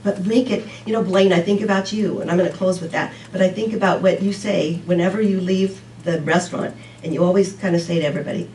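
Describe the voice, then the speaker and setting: A woman's voice: lowish voice, fast talker, mellow, roomy sound, far from the mic, slight background noise, rough recording. A woman giving a casual, rambling sermon talk to a congregation, often laughing at herself. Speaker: speaker at a church service.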